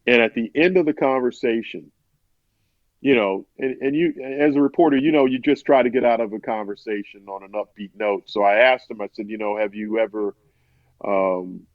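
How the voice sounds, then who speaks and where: A man's voice: medium pitch, moderate pace, no room sound. Male sportswriter guest, chatty storyteller, muffled dry recording. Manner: rambling, many restarts, quotes others in his own voice. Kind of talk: conversational storytelling. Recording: dull, dry podcast audio.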